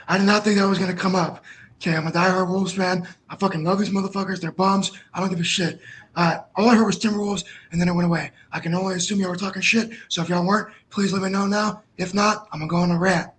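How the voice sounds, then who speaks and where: A man's voice: high-pitched, steady tone, quick pace, a bit bright. A man from Minnesota ranting profanely and passionately in a casual sports podcast chat, calling in on his phone. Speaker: podcast co-host. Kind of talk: casual sports talk rant.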